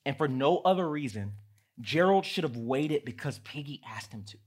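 A man in his thirties preaching a conversational sermon that builds to loud, emphatic peaks. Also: mid-range voice, animated, moderate pace. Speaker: pastor.

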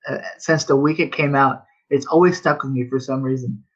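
Easygoing man, bright dull-sounding voice. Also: mid-range voice, steady tone, fairly quick. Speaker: podcast co-host. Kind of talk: casual chat.

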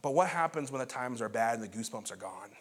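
A man's voice: medium pitch, animated, fast. A man preaching a sermon as pastor, earnest and building to fervent emphasis.

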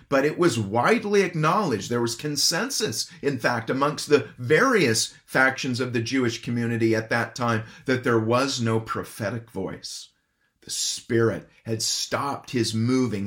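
A man's voice: mid-range voice, a bit bright. A man preaching an expository sermon, earnest and emphatic, asking his listeners questions. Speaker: pastor.

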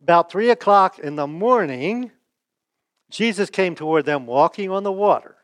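A male pastor preaches in a folksy, chatty style, tossing rhetorical questions to the congregation. His voice sits on the higher side for a man and sounds close and dry, with almost no room echo. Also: expressive, moderate pace. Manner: asks the audience rhetorical questions; folksy, chuckles and restarts. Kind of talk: conversational sermon.

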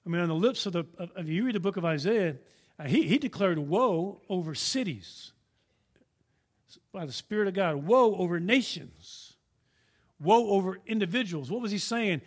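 A man preaching a sermon, earnest and emphatic, swinging from raised declarations down to hushed lines, often repeating and restarting words. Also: high-pitched, lively intonation, normal speed. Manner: earnest, emphatic, rising and dropping to a hush.

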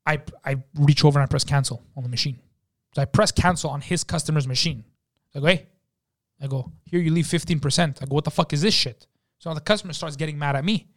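A man with a fairly high voice spins a story in loose podcast chat. He is animated and swears freely, and he slips into the voices of the people he describes. He is recorded on a studio microphone. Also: fast. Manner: animated, profane, acts out the people in his story. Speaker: podcast guest. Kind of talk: casual storytelling.

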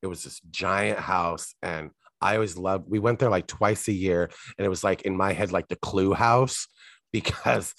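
Male podcast co-host, lowish voice, dry close sound, meandering casual chat full of ums. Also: moderate pace, vocal fry, a bit bright, dry recording. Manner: rambling, filler-heavy, self-correcting.

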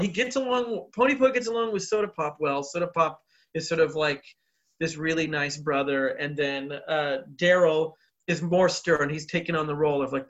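A man's voice: on the high side, fairly bright tone, dull audio. A man co-hosting a podcast, recapping a film in a rambling casual way with frequent laughs and filler words. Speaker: podcast co-host.

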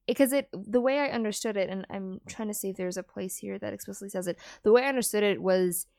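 Gravelly-voiced woman in a dry room. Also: medium pitch, quick pace, a little mellow, no echo. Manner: thinks aloud with hedges and restarts. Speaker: podcast co-host. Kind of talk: casual technical chat.

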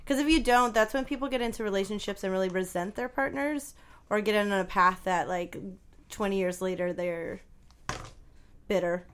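A woman's voice: mid-range voice, moderate pace, clear, resonant tone. A woman co-hosting a podcast in casual chat, chatty and often laughing along. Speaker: podcast co-host.

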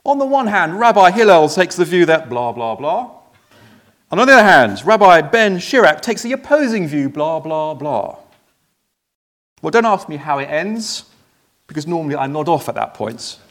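A man's voice: fairly high pitch, very animated, moderate pace, fairly bright tone. A man playing an ordinary congregation member, telling in the first person how an unusual preacher amazed him, in a chatty storyteller manner with hesitant restarts. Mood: storytelling. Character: ordinary man in the congregation, a jaded sermon-dozer left amazed. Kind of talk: first-person dramatic monologue in a sermon.

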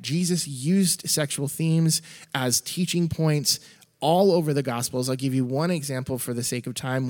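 A man in his thirties preaching a sermon, telling a family story in an earnest, storytelling manner. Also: mid-range voice. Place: large church. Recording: echoey church hall.

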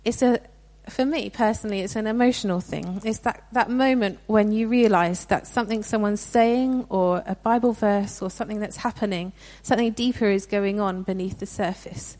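A woman's voice: mid-range voice, normal speed, few pauses, a little mellow. Earnest young woman preaching. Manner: conversational and earnest, with fillers and restarts. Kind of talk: sermon.

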